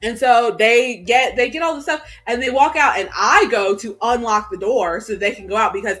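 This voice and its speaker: A woman co-hosting a casual chat show over a video call, telling animated stories and acting out the people in them. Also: fairly high pitch, normal speed, soft background music. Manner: animated, acts out voices while telling stories. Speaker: podcast co-host. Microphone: video call setup.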